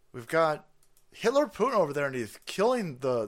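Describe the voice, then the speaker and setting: Loud mocking man ranting on a stream. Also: fairly high pitch, very animated, quick pace. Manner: loud, mocking, swearing, with sarcastic put-on voices. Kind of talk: profane political rant on a live stream.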